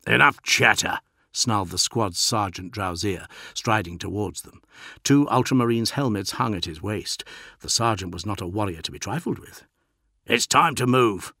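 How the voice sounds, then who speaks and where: A man narrating an audiobook in a steady, dramatic reading. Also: on the low side, normal speed, breathy edge, dry recording, clean studio sound.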